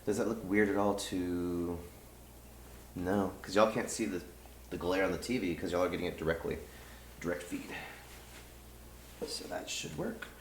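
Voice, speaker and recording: A man's voice: deep voice, normal speed, long pauses, a little hiss or hum. Chatty man streaming a game. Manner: rambling, chatty, many fillers. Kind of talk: casual live game commentary. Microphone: desk mic. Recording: roomy room with game music.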